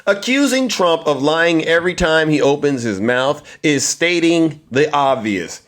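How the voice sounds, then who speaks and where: Male commentator with a somewhat high voice, punchy rhetorical monologue that rallies the crowd. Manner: emphatic, rhetorical, rallying the audience. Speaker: political commentator.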